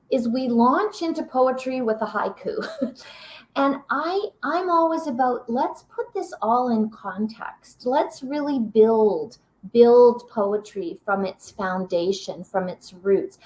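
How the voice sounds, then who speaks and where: A woman presenting a teaching webinar, reading short poems aloud and encouraging her viewers. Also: a little high. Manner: warm, encouraging, reads poems slowly aloud.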